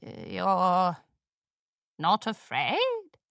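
A woman voicing an ancient, menacing old mare pony with a raspy, low voice and a slow, hesitant way of speaking. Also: wildly swooping pitch, fairly bright tone, no room sound, full character voice. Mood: unsure. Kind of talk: storybook character voice.

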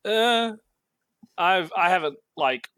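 A man's voice: high-pitched, animated, takes it slowly, pushed and bright, smooth, dry recording, clean studio sound. A man co-hosting a casual podcast, joking loosely with crude humor. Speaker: podcast co-host. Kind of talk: casual chat.

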